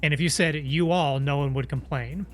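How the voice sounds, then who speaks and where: A man's voice: on the high side, moderate pace, a bit bright, faint music behind. A man commenting on his gameplay during a live stream, chatty and musing, with playful asides.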